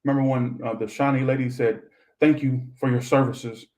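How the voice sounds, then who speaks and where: A man's voice: medium pitch, fairly even intonation, moderate pace, a little mellow, rough recording. Young male tarot reader on a live stream: chatty and rambling, swears freely, ordinary mid-range voice.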